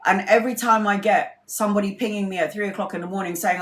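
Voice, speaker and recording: A woman's voice: mid-range voice, steady tone, fast. Woman tarot reader, livestream chat, rambling, blunt with swearing, echoey room. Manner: candid, rambling, swears freely. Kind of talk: casual livestream storytelling. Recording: roomy echo.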